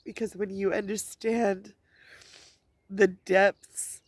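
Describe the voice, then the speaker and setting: A woman's voice: medium pitch, little pitch movement, slow pace, no room sound. Tearful woman rambling through a personal monologue. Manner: rambling, repeats and restarts words. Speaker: spiritual vlogger. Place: outdoors at a scenic spot.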